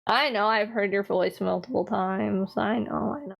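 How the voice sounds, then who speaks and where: A woman's voice: mid-range voice, normal speed, vocal fry. A woman streamer chatting casually on a live stream, teasing and answering her chat with frequent laughs.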